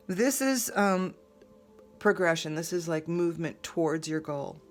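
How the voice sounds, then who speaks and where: A woman's voice: lowish voice, lively intonation, unhurried, faint music behind. A woman giving a casual tarot reading, talking in a rambling, conversational way with lots of fillers and restarts. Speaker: tarot reader.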